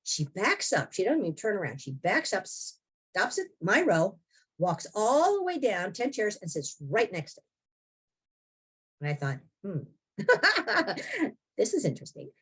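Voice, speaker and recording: A woman's voice: medium pitch, huge pitch swings, a little slow, fairly bright tone, slightly rough. A woman in her sixties, a podcast guest telling her own story in a wry, blunt way with frequent laughs. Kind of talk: candid personal storytelling.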